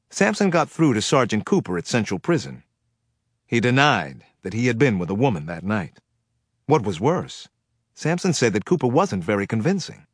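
Husky male thriller narrator. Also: mid-range voice, no echo, studio quality. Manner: measured, dramatic storytelling. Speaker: audiobook narrator. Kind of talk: first-person thriller narration.

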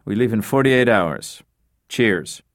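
A man's voice: fairly low pitch, expressive, slow, no room sound. A man reading the part of a grumpy, sardonic middle-aged husband in a dry, blunt way. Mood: wry.

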